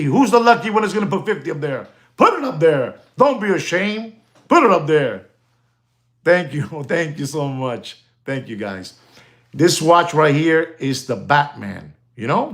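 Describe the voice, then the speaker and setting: A middle-aged watch dealer hosts a casual livestream, talking directly to his viewers in an excitable, chatty manner and sprinkling in Spanish words. His voice is mid-range.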